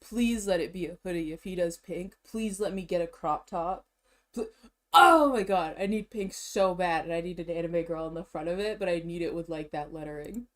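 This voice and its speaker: A woman streamer with a lowish voice chats casually to herself at a normal speed while shopping and browsing online. She's excitable and slangy, laughs often, and sounds a bit out of breath.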